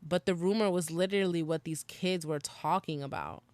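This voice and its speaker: Young female podcast host; smooth, resonant voice; casual, profane, confessional storytelling. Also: on the low side, moderate pace, darkish tone, dry recording. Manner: casual slangy, swears, laughs while recounting. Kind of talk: candid storytelling monologue.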